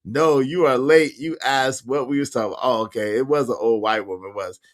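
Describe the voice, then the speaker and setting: With a medium-pitched, steady voice, a man talks briskly while hosting a relaxed livestream. He reads viewers' comments aloud, punchy and full of slang, laughing a lot as the casual conversation goes on.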